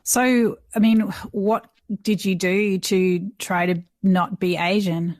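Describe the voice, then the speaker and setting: A woman's voice: mid-range voice, steady tone, slow, a little mellow, no echo. A woman hosting a podcast interview, asking curious, probing questions. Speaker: podcast host.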